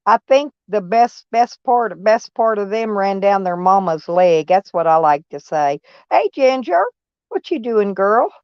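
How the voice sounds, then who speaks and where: A woman's voice: medium pitch, no echo. Chatty folksy woman on a dull stream. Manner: chatty, folksy, answers chat comments by name; blunt, peppered with mild cursing. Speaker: live-stream vlogger. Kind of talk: casual live-stream chat with viewers.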